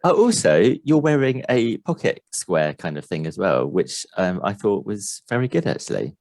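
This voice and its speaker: A man's voice: on the low side, sing-song, normal speed, gravelly, a little mellow, dry recording. A man, a podcast regular, complimenting a friend in casual chat on a video call.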